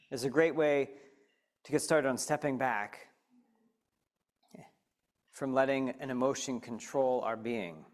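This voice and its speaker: A man with a medium-pitched voice leads a mindfulness talk at a measured pace, pausing often. He's animated and conversational, speaking straight to his live audience and asking them frequent questions.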